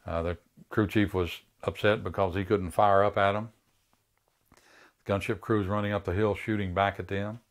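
Older man, very deep voice, veteran, halting, interview. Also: flat delivery. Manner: halting, many fillers. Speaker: war veteran. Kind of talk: documentary interview recollection.

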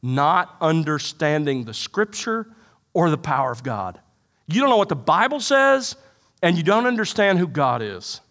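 A man's voice: fairly high pitch, very animated, normal speed, a bit bright. A male pastor preaching an expository sermon to a church congregation, quoting scripture and putting emphatic questions to his listeners. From United States. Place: church sanctuary.

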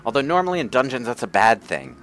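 A man hosting a let's play, making quick wry asides and dry jokes as he plays. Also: medium pitch, huge pitch swings, a bit bright, faint music behind. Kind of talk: casual gameplay commentary.

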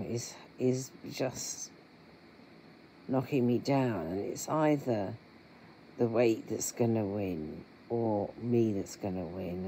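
A middle-aged vlogger, talking earnestly and haltingly to viewers with many pauses. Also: medium pitch, dark tone, slight background noise, low-quality recording. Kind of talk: candid personal vlog talk.

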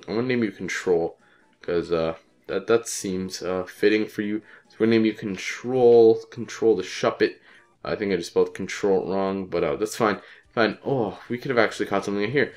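Young male let's-player, low voice, stuffed up from a cold, offhand and cussing. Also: a little fast. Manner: rambling, profane, offhand. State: congested with a cold. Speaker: let's play commentator. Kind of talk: casual gameplay commentary.

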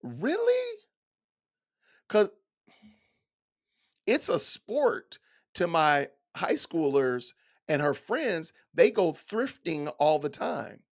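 A man's voice: a little high, big pitch swings, slow. A middle-aged man reading lines from an essay aloud and reacting with incredulous, folksy rhetorical questions. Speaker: commentator.

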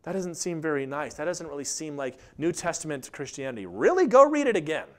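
Animated, high-voiced male pastor preaching. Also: fairly quick. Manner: animated, acts out the scripture characters. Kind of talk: sermon.

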